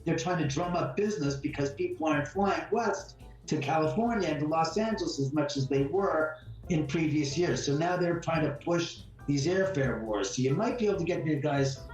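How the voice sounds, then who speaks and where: A man telling ghost stories in a casual interview, rambling and animated, often repeating words and swearing mildly. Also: fairly high pitch, moderate pace. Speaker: homeowner guest. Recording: echoey room from far off, faint music.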